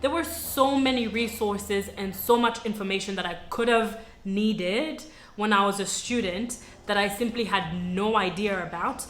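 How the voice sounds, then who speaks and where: A woman's voice: medium pitch, fairly bright tone, slight background noise. A young adult woman from Sudan telling her own story to camera, earnest and reflective, chatty with many asides. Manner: earnest, reflective, conversational with frequent "you know" and "like". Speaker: vlogger. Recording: roomy echo with faint music.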